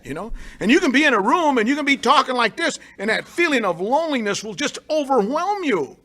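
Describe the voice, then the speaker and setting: A man giving a blunt, wisecracking motivational talk at a recovery meeting, swinging from low murmurs to loud emphatic bursts. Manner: blunt, wisecracking, street-talking.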